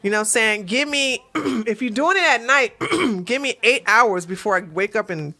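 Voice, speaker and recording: A woman's voice: a little high, expressive, moderate pace, sharp tone. A woman hosting a livestream, chatting casually with her viewers, laughing often and repeating herself. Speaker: livestream show host.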